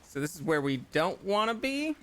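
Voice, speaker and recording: A man's voice: sits high, sing-song, moderate pace, a loud crowd. A man chatting casually and laughing while playing a co-op game on stream. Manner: chatty, laughs easily, thinks aloud. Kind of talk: casual gaming chat.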